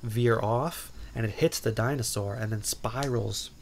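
Gravelly-voiced man rambling through a recap. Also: lowish voice, measured pace, slight background noise. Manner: rambling, filler-heavy, lots of "like" and "um"; playful, self-interrupting asides. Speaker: podcast host. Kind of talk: casual movie recap.

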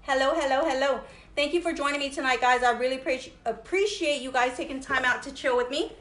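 Upbeat livestream seller, woman, high bright voice, echoey room, greets viewers by name. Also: quick pace. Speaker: jewelry seller hosting a livestream. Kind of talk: casual live sales chat.

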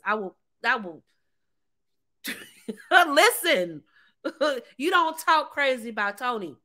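Emphatic bright-voiced woman coach. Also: fairly high pitch, expressive, unhurried. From United States. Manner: emphatic, repeats phrases, laughs often; plays out short quoted voices. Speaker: relationship coach. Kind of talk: animated motivational talk.

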